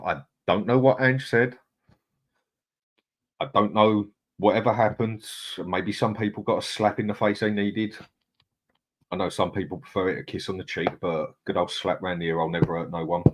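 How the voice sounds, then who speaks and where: A man's voice: lowish voice, normal speed. A man hosting a casual live stream, chatting and reading out viewer comments. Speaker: host.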